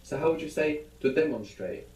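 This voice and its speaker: A man's voice: fairly high pitch, lively intonation, fairly quick, roomy sound, crowd noise, poor audio. A man teaching a language lesson, patiently prompting his students with questions.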